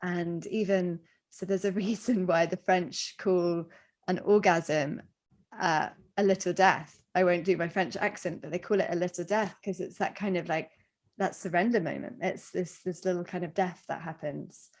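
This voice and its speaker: A woman with a slightly low voice speaks gently and thoughtfully. She tells her story at a measured pace in a reflective podcast conversation. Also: fairly even intonation.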